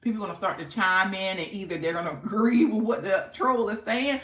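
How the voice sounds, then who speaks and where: A woman's voice: medium pitch, brisk, a bit bright, echoey room. A woman hosting a casual live stream, chatting playfully with viewers and laughing often. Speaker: livestream host.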